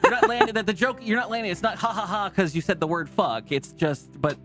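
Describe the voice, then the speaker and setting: A man's voice: high-pitched, lively intonation, fairly quick, a bit bright. Profane rambling male streamer. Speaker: streamer host. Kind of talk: casual gameplay chat. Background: game music.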